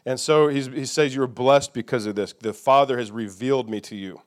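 A man's voice: medium pitch, steady tone, moderate pace. A middle-aged male pastor preaching a sermon in a conversational way, often checking in with his listeners with "okay?" and "amen?".

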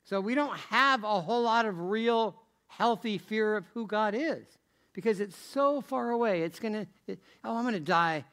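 A middle-aged man gives a sermon in a high, light voice. His delivery is chatty rather than formal, full of rhetorical questions and repeated restarts. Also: normal speed, a bit bright. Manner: rhetorical, keeps asking "right?", restarts and repeats phrases. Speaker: preacher. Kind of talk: conversational sermon.

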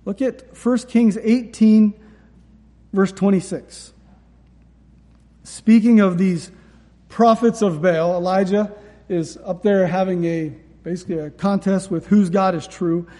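A man's voice: high voice, steady tone, measured pace, dark tone, big-room sound. A man preaching a sermon and reading scripture aloud, earnest and repeating words for emphasis. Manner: earnest, repeats words when stressing a point. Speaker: pastor.

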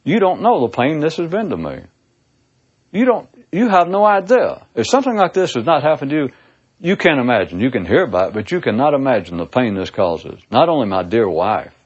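Man doing a quiet, husky grieving widower, low and self-pitying, lo-fi sound. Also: very animated, a little fast. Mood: mournful. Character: grief-stricken young male widower, low and self-pitying.

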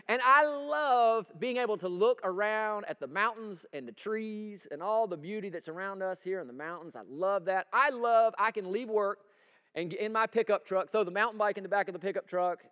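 A man preaching a folksy, energetic sermon and asking the congregation for agreement. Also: sits high, big-room sound. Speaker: pastor. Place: church sanctuary.

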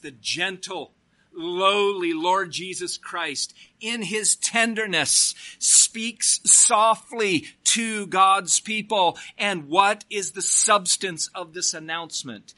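A male pastor delivering a sermon at an unhurried pace. His voice sits high and rings very bright and forceful, and he slows down to press on key words as he reads scripture aloud. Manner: preaching slowly, reading scripture aloud with emphasis.

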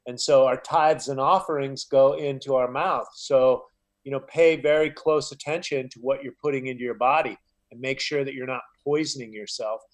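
A man in a casual interview, sounding earnest and a bit preachy as he talks. His pitch sits in a middling range, and "you know" keeps turning up between his thoughts. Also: fairly even intonation, moderate pace. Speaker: podcast guest, health coach.

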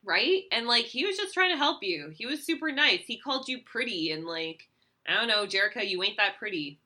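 A woman's voice: medium pitch, sing-song, fairly quick, sharp tone. A woman co-hosting a casual recap chat, talking loosely with lots of "like" and the odd swear. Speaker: podcast co-host.

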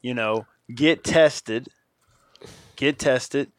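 A man's voice: mid-range voice, extremely slow. A man co-hosting a podcast, talking steadily and earnestly in a casual chat. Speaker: podcast co-host.

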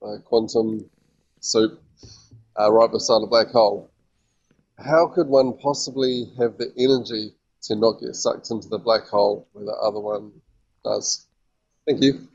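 Husky man from New Zealand on voicemail. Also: on the low side, fairly even intonation, darkish tone. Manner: hesitant, with filler pauses. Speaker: caller leaving a voicemail. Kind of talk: recorded voicemail question. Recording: dull husky voicemail recording.

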